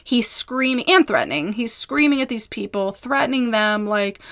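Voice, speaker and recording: A young woman talks straight to camera in a casual vlog, her voice sitting a little high for a woman. She rambles and circles back, exasperated and animated, jumping up in pitch when she mimics others. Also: normal speed, few pauses. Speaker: YouTuber.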